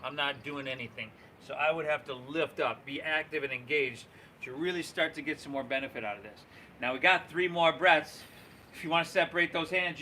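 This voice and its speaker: Man, yoga instructor, encouraging breath cues, folksy, crisp bright tone, faint background noise. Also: a little high. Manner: encouraging, cueing breaths and poses; relaxed, folksy, says y'all. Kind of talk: guiding a live yoga class.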